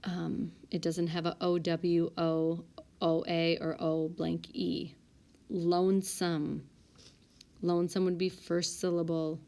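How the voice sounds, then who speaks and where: A woman teacher talks through a spelling list in an unhurried, deliberate way. Her voice sits a little low, and she pauses to correct herself as she sorts words. It sounds like a recorded lesson for a classroom group. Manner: calm, methodical, corrects herself aloud. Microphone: tablet microphone.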